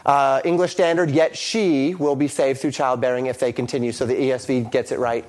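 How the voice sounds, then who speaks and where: A man teaching a Bible lesson on Greek grammar, reading translations aloud, speaking haltingly with many ums and restarts. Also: medium pitch, steady tone, a little mellow. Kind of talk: screen-share Bible lesson.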